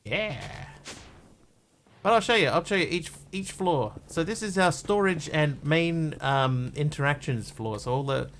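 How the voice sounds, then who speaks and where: A man live-streaming a block-building game, chatting loosely with viewers as he plays and greeting new arrivals with bursts of excitement. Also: on the high side, measured pace, slight background noise. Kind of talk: casual game commentary.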